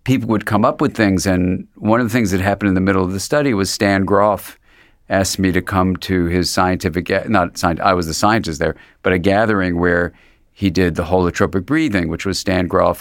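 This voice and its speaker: Speaking a little fast in a deep, steady voice, a man who is a psychiatrist sits for a reflective, conversational interview as a guest. He meanders thoughtfully and restarts frequently, captured in clean studio sound without echo.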